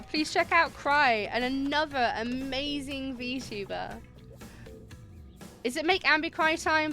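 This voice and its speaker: A woman streamer chatting casually and giggling while she plays a dating game and thanks viewers for gifted subs. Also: on the high side. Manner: giggly and chatty, reacting loudly.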